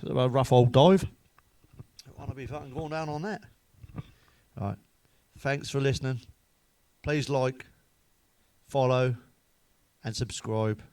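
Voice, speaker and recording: Man, crude joke-teller, swears a lot, chuckles at his own lines, mid-pitched voice. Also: slow pace, pauses often, a little mellow, no room sound. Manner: laughs at his own jokes, swears freely. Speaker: comedian. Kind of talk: telling crude jokes to camera.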